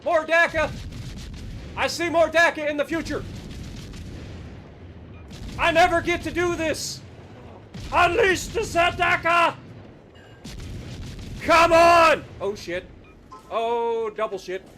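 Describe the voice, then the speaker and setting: A man streaming live gameplay, excitable and cheeky, yelling battle cries, swearing and taunting opponents in a hammy mock German manner. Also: extremely high pitch, slow, long pauses, slight background noise. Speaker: game streamer.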